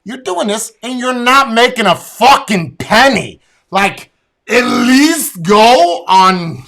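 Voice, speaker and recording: A man hosting a podcast, telling a blunt, profane and animated story in a casual rant. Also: very high voice, slow pace. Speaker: podcast host.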